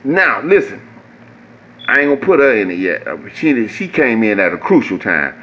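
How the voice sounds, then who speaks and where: A man, telling a profane, animated story that jumps high when he gets exasperated. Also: normal speed, highs cut off. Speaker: vlogger. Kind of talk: casual storytelling.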